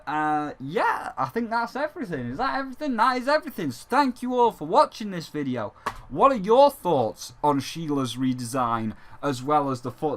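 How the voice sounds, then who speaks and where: A man's voice: mid-range voice, bright, forceful tone. A man hosting a gaming vlog, rambling and joking, swearing freely and talking as a dragon persona. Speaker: gaming channel host. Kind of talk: casual gaming vlog commentary.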